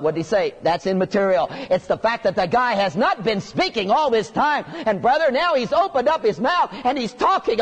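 Male preacher, high-pitched, emphatic and conversational, loud bursts, reverberant hall. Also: slightly rough. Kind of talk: expository sermon.

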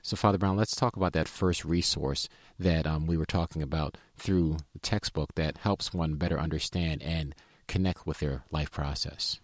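A male professor hosting a podcast, opening in a formal, deliberate way and chatting. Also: very deep voice, fairly even intonation, dry recording, studio quality. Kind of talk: podcast introduction and chat.

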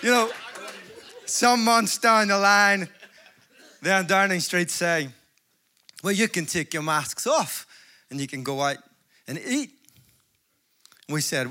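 A Northern Irish man preaching to a conference crowd in a high, bright voice. He mixes jokes with fervent calls to his listeners. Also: lively intonation, slow pace, long pauses, slight background noise. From Northern Ireland. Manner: jokey, rising to fervent exhortation. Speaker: evangelist preacher. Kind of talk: conference sermon with humor. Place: large conference hall before an audience.

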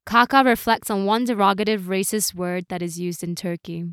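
A woman hosting and narrating a short documentary in an even, scripted delivery. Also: medium pitch, normal speed, clean tone, no echo, studio quality. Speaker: host and narrator.

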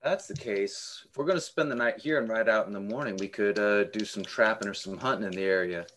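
A man's voice: fairly low pitch, fairly quick, fairly bright tone, a little hiss or hum. A man taking part as a player in a tabletop role-playing game, talking in a practical way. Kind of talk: casual tabletop play.

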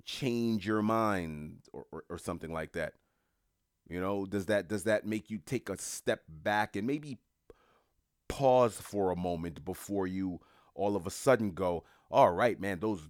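A man's voice: low-pitched, dry recording, clean studio sound. A middle-aged man talking casually to his viewers in a rambling, musing way with mocking asides. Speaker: commentator.

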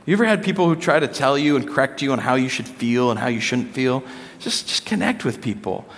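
A man's voice: medium pitch, lively intonation, fairly quick. A man in his thirties preaching a conversational sermon, acting out quotes with playful voices. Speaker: pastor. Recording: long hall reverb.

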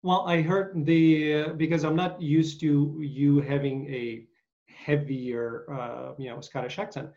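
A man's voice: fairly high pitch, little pitch movement, unhurried, a little mellow. A man hosting an interview, telling stories in a rambling, hesitant way with many uhs. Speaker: podcast host. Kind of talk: casual interview chat. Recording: dull lo-fi sound.

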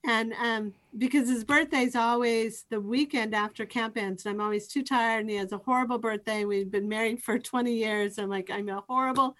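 A woman's voice: a little high, moderate pace, hardly any pauses. Chatty middle-aged woman telling stories. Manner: lively storyteller with many false starts. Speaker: professor and youth program director, guest. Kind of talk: conversational interview storytelling.

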